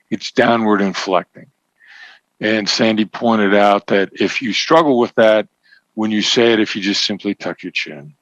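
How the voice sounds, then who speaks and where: A man as an interview guest, explaining negotiation points in a measured, emphatic teaching tone. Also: lowish voice, no echo. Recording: dull, slightly lo-fi sound.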